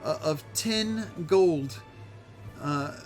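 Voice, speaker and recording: A man's voice: on the high side, animated, extremely slow, soft background music. Guy doing a polite lady in charge, formal but kinda stammery, fantasy game. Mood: gracious. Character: gracious middle-aged woman leader.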